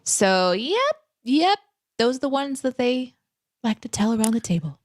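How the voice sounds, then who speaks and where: A young adult woman co-hosting a casual live stream from home, reading viewer questions and telling stories in an animated, chatty way. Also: on the high side, unhurried, dry recording, studio quality. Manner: animated, chatty storytelling with fillers. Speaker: co-host. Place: home room.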